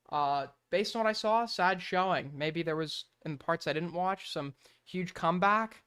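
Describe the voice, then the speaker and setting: A man's voice: fairly high pitch, fairly bright tone, smooth. A sleep-deprived male streamer reacting casually to clips, profane, exasperated and rambling.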